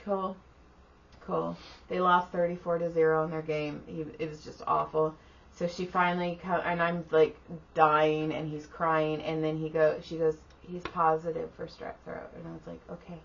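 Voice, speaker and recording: A woman's voice: low voice, moderate pace, vocal fry. A middle-aged woman co-hosting a podcast, telling a tired, profane story in casual chat and acting out the people in it. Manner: profane, animated retelling with quoted voices. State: exhausted. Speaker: podcast co-host. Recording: slightly dull audio with faint room noise.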